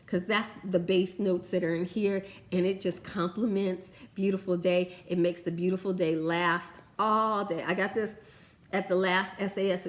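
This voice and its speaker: Woman, vlogger, casual product review, gushing, talkative, swoops up in pitch when excited. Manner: chatty and gushing, lively swings in pitch. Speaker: beauty vlogger.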